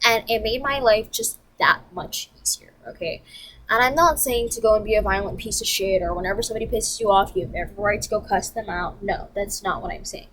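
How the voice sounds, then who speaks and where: A woman vlogger telling a story in a profane, animated, emphatic rant. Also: medium pitch, a little fast, low-quality recording.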